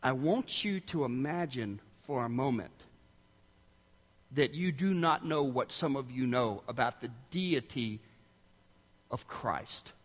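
A man's voice: medium pitch, expressive, takes it slowly. A male preacher giving a sermon, telling stories animatedly and acting out quotes in different voices. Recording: echoey hall.

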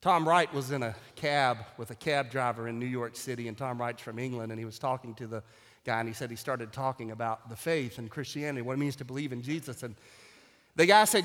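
A man preaching a sermon as pastor, telling stories with wry humor that builds to loud exclamations. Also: mid-range voice, quick pace. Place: church sanctuary. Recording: long hall reverb.

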